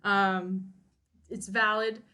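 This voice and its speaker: A woman's voice: mid-range voice, flat delivery, extremely slow, sharp tone, clear, resonant tone. A woman co-hosting a podcast, casually recapping a novel in a rambling, wry way with many restarts. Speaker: co-host summarizing a novel.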